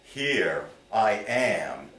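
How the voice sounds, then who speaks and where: Man playing a hushed, weary suburban Moses. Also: big pitch swings, a little hiss or hum, exaggerated voice. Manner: low, slow, hushed. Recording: roomy theater, from far off.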